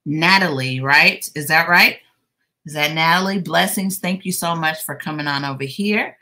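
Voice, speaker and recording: A woman's voice: low-pitched, pushed and bright. A woman hosting a casual craft livestream while crocheting. She greets her viewers one by one by name and teases them playfully. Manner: playful teasing with laughter. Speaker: livestream host.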